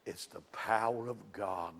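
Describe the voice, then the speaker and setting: A man preaching a sermon in a church, telling folksy stories that rise into excited shouts. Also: fairly low pitch, unhurried, a crowd in the background. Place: church sanctuary. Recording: long reverb from a church hall.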